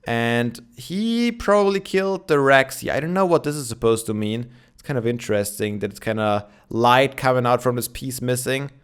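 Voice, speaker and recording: A man's voice: medium pitch, lively intonation, normal speed, few pauses, clear, resonant tone. A young man giving casual gameplay commentary, chatting and thinking aloud with many fillers, with his morning voice. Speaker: Minecraft let's player.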